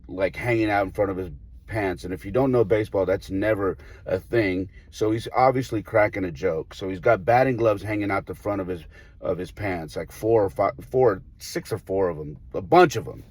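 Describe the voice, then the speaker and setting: A man, a baseball coach, telling a story in a casual podcast chat, animated and acting out the people in it. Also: lowish voice. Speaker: high school baseball coach.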